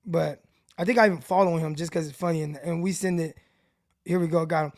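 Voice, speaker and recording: High-voiced rambling sports host. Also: male voice, steady tone, fast, a little mellow, no room sound, clean studio sound. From Stockton, California. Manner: rambling, loose, restarts sentences. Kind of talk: casual livestream sports talk.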